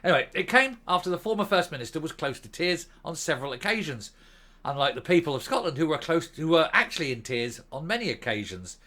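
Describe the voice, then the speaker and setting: Man, show host, scornful sarcastic rant, high-ish voice, bright edge. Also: sing-song, fast talker. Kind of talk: political opinion monologue.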